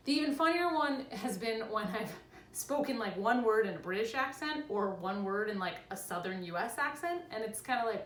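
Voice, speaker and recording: A young woman chatting casually in a vlog from her home, animated and quick to laugh. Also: on the high side, distant mic, slight background noise. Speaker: vlogger. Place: home room with cats. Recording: echoey room with faint ambience.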